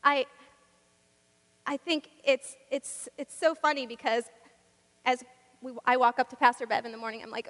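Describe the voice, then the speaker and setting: High bright-voiced woman preaching. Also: moderate pace, pauses often, long reverb tail. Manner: rhythmic, repetitive, emphatic and animated. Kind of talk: sermon. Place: church.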